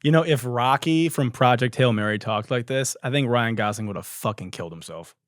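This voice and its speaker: A man's voice: medium pitch, a little fast, dry recording, studio quality. A man hosting a comedy podcast, profane and exasperated, often breaking into laughter as he comments. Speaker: podcast host.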